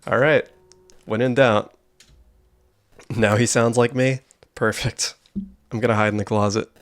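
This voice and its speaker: A man's voice: medium pitch, steady tone, a little slow. A young man streaming a horror game, giving casual, wry commentary and joking about what happens on screen.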